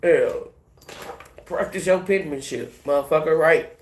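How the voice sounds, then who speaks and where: A woman's voice: sits low, measured pace. A woman tarot reader in casual spiritual talk, swearing, laughing and emphatic. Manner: profane, animated, laughing, emphatic. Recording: echoey room with faint hiss.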